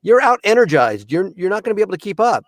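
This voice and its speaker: High-voiced animated man telling a story. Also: fast talker, no echo. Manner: animated, acts out characters, punchy short sentences. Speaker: comedian and voice actor. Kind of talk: stand-up storytelling on a podcast.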